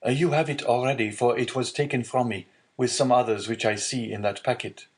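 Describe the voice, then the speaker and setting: A man's voice: mid-range voice, fairly even intonation, a little fast, pitched above the performer's own voice, natural voice. A man voicing an honest, earnest young male sailor in an audiobook, sincere and eager.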